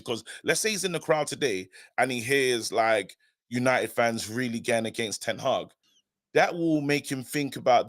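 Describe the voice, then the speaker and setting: A man's voice: medium pitch, no room sound, studio quality. A man co-hosting a fan livestream, talking in a laid-back, slangy, conversational way. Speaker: regular co-host on fan channel. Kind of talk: casual live-stream chat.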